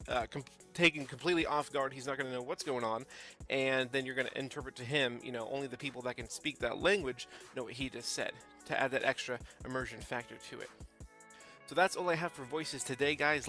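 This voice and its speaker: Bright-voiced man giving casual game tips. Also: medium pitch. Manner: loose, rambling delivery with frequent fillers. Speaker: tabletop game YouTuber. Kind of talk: casual tutorial talk.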